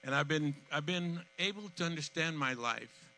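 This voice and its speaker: An eighty-year-old man addresses an outdoor crowd as master of ceremonies. His voice is very bright and sharp, moving from hushed to loud as emotion takes him, and he repeats himself. A faint hum sits under the microphone. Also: a little high, unhurried, poor audio. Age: 80s. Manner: heartfelt, repeats himself, swings from soft to loud. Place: outdoor community event.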